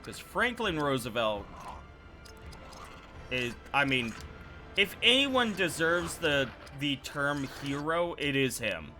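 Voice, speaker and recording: A male streamer telling a loose, rambling story while he plays, correcting himself as he goes. His voice is bright and slightly high, with faint music behind. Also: very animated, slow pace, pauses often. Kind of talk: casual storytelling while gaming.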